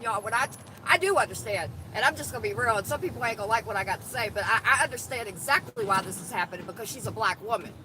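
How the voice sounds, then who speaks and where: A woman's voice: a little high, rough recording. Blunt, profane woman livestreaming from her car. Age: adult. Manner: blunt, profane, animated, talks to viewers. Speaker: activist vlogger. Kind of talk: casual live-stream chat while driving. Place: in a car in city traffic. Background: traffic and road noise.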